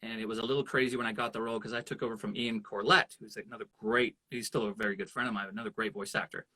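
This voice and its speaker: A man being interviewed as a voice actor, telling stories in an animated way and now and then slipping into character voices. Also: lowish voice, rapid-fire. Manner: animated storyteller who slips into voices. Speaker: voice actor guest. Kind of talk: casual interview chat.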